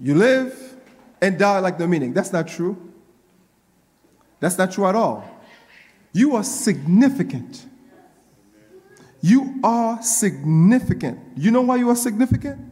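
A man's voice: sits high, very animated, a little slow, long pauses, a little mellow, big-room sound. A male pastor preaching a sermon, repeating his lines and working himself up with call-and-response.

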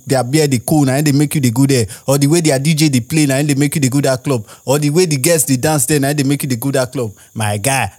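A young Nigerian man with a Nigerian accent and a mid-range, slightly mellow voice hosts a podcast, rambling through a casual monologue and firing off rhetorical questions.

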